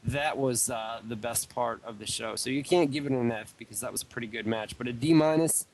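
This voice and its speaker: A man co-hosting a live wrestling radio talk show chats casually in a medium-pitched, slightly fast and slightly mellow voice. He rambles, repeats himself and leans on fillers and "dude," with a little hiss or hum underneath.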